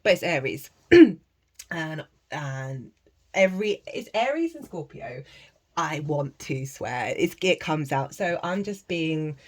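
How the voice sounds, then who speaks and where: Brief: British woman tarot reader, chatty and animated, a little low-voiced, swears casually. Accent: British English. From Britain. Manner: animated, chatty, swears freely, breaks into soft chanting. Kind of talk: casual spiritual tarot reading.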